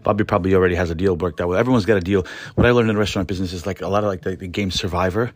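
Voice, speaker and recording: A man's voice: low voice, fairly even intonation, very fast. A man telling a rambling, profane story in a casual podcast monologue, full of restarts. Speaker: podcast host.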